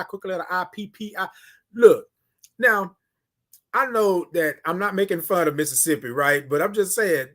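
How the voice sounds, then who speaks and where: A man with a high voice hosts a casual morning livestream from his phone camera. He greets viewers one by one, repeats his phrases and stretches his good mornings into long sung calls. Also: fairly bright tone. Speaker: livestream host.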